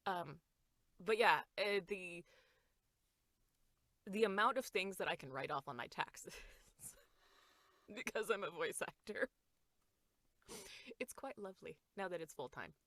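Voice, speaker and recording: Woman guest, bright clear voice, slightly low, dry close sound, chatty and laughing. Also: animated, a little slow, long pauses, no echo. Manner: chatty, laughs often, acts out quotes. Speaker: voice actor guest. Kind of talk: casual podcast chat.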